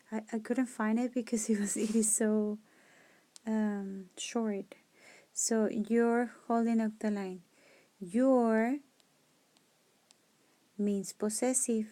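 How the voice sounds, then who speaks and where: Teacher lady going thru grammar questions out loud, kinda high voice, unhurried, dry close tablet mic. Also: no room sound. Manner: reasons aloud, rereads sentences, corrects herself. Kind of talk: thinking-aloud grammar test walkthrough. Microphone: screen-recording mic on a tablet.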